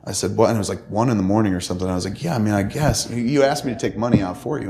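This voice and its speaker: A profane, animated man in his fifties spins a long story as a podcast co-host. He acts out the people in it as he goes, and his voice sits fairly low. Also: rapid-fire, creaky, hardly any pauses. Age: 50s. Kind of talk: casual storytelling.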